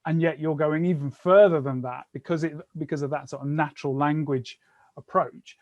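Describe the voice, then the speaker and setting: A man's voice: a little high, fairly even intonation, moderate pace, darkish tone. A man hosting an interview, responding reflectively and thinking aloud as he talks. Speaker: podcast host. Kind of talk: conversational interview.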